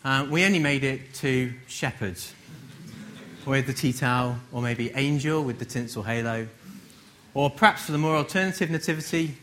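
A man from England giving a conversational sermon, gently humorous and full of rhetorical questions. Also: mid-range voice, normal speed, a little hiss or hum. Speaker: preacher.

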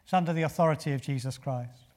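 A man delivering a sermon in a slightly high-pitched voice. He speaks earnestly, puts rhetorical questions to his listeners and presses his key points with rising force. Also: fast, a little mellow. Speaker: preacher.

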